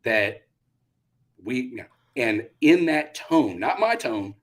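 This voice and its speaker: A man's voice: mid-range voice, takes it slowly. A middle-aged man, a retired Army pilot, telling stories in a casual interview and acting out the quotes. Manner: animated, acts out quotes with bursts of loudness.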